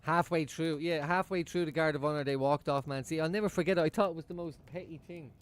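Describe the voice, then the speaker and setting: A man's voice: on the high side, quick pace. A man chatting casually at home while he watches a football match live for his stream, swearing freely and laughing often. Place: room at home.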